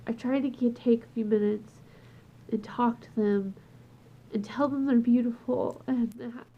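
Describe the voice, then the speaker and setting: Casting: crying woman vlogger, high husky voice, slow and halting, dull lo-fi home recording. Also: steady tone. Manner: tearful, upset and heartfelt, trailing off and restarting. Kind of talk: emotional personal vlog. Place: at home with her dog.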